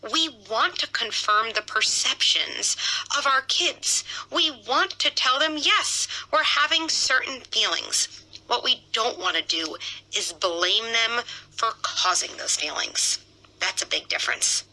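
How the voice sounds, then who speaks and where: A woman's voice: a little high, lively intonation, measured pace, bright, forceful tone, low-quality recording. A woman parenting expert giving firm, emphatic instructive advice in a short clip.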